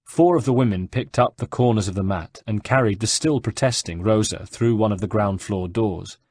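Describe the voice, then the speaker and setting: A man reading an audiobook in a measured, even storytelling manner. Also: lowish voice, slightly rough, no room sound. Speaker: audiobook narrator. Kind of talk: scripted narration.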